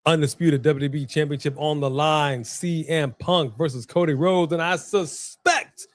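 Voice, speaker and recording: A man's voice: on the high side, moderate pace, no echo. A man co-hosting a wrestling watch-along stream, chatting casually and calling out to the live chat. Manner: chatty, animated, addresses the chat.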